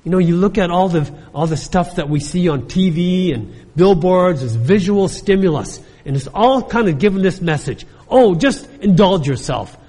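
High-voiced husky preaching man. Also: normal speed, hardly any pauses, dark tone. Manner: emphatic preaching, asks the congregation for amens. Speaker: pastor. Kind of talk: sermon. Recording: long reverb of a large hall.

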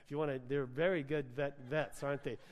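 A man preaches in a loose, conversational way, telling stories with plenty of filler words. His voice sits fairly high. It rings out with a long reverb, as in a large hall. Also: fairly even intonation, quick pace. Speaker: pastor. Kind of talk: sermon.

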